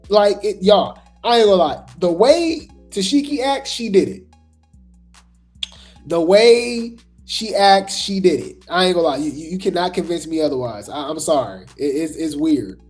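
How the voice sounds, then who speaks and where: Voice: medium pitch, expressive, normal speed, darkish tone, faint music behind. A host giving casual commentary, rambling with lots of fillers, repeated words and chatty asides to viewers.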